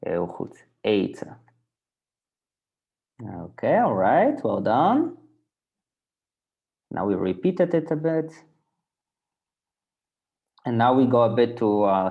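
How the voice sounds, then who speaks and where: Slow, gravelly man teaching. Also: fairly low pitch, darkish tone, dull audio. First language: Dutch. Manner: patient, repeats words for learners to copy. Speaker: language teacher. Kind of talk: language lesson.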